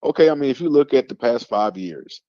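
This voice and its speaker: A man's voice: mid-range voice, animated, fairly quick, dark tone, dry recording. A man hosting a casual sports talk show, rambling with lots of fillers and restarts. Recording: dull lo-fi stream audio.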